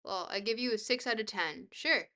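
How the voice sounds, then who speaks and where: Young female streamer, bubbly and goofy, casually reading chat, with a crisp, bright tone. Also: medium pitch, moderate pace. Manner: bubbly, goofy, self-deprecating. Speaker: livestreamer.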